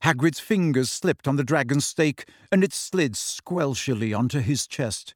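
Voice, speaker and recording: A man narrating an audiobook in an expressive storytelling voice. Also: mid-range voice, moderate pace, hardly any pauses, no room sound, clean studio sound.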